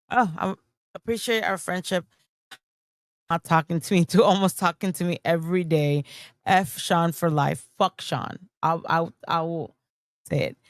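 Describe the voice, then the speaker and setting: Gravelly-voiced woman streamer, swearing. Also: fairly low pitch, normal speed, no room sound, studio quality. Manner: emotional, swears a lot, rambling. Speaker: streamer host. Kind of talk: casual livestream chat.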